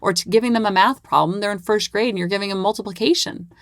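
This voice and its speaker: A woman's voice: mid-range voice, fast talker, no room sound, studio quality. A woman in her thirties hosting a parenting podcast, chatting in an upbeat way. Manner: chatty, upbeat, acts out kids' voices. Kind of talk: casual solo podcast talk.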